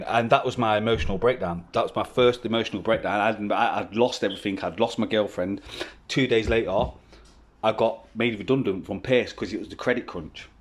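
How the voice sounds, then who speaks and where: A man's voice: mid-range voice, breathy edge. A man, telling a personal story at home in a rambling, swearing, casual way. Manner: rambling, heavy swearing, frequent restarts. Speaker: vlogger. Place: at home with children around.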